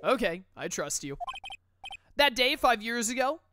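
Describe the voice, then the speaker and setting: A woman voices a big, gruff young prisoner who speaks in chopped-up, broken English, dropping little words as he goes. The voice lands higher than usual for such a man and swings widely in pitch. Game music plays steadily under it. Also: sing-song, measured pace. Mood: brooding. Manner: clipped, choppy delivery.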